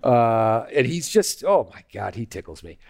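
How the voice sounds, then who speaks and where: Pompous male host, played by a man, lively swooping pitch, hammy announcer drawl. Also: moderate pace, gravelly. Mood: announcing. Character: pompous middle-aged male talk-show host. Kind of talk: comic podcast banter.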